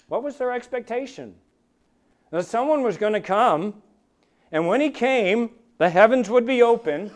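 A male pastor delivers a sermon with a high, smooth, resonant voice. He preaches with emphatic, dramatic swells, leaning hard on key phrases.

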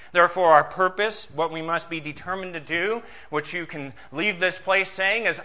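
A man preaching a sermon as pastor, asking rhetorical questions and swinging between loud emphasis and soft, low passages. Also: moderate pace, few pauses.

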